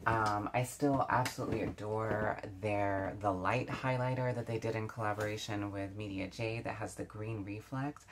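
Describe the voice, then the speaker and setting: A woman's voice: a bass voice, fairly even intonation, normal speed, hardly any pauses, slight background noise. A woman beauty vlogger chatting casually while doing her makeup, reflective, with many fillers and restarts. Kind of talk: casual get-ready-with-me chat.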